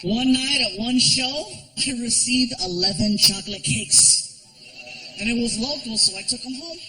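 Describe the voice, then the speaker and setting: A man doing an animated stand-up comedy routine on a theater stage, telling stories with lots of voices. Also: extremely high pitch, normal speed, faint music behind, poor audio. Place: large theater.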